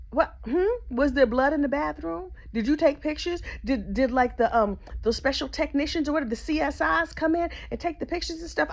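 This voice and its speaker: A woman's voice: sits high, gravelly. A woman telling a comedic gossip story, chatty and sassy, full of mock outrage and asides to the listener. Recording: slightly dull lo-fi audio.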